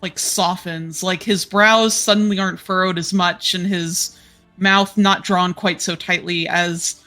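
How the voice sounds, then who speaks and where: A woman narrating a tabletop game as game master, describing scenes in a relaxed way with many fillers. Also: lowish voice, a little slow, soft background music.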